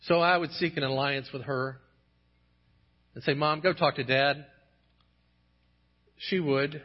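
A man's voice: fairly high pitch, fairly even intonation, slow, muffled recording. A man preaching a sermon as pastor, earnest and building to impassioned emphasis when he quotes scripture.

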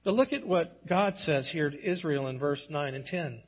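Man, pastor, sermon, earnest, impassioned emphasis, husky tone, muffled lo-fi audio. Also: fairly high pitch, normal speed, hardly any pauses. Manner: earnest, rising to impassioned emphasis when quoting scripture.

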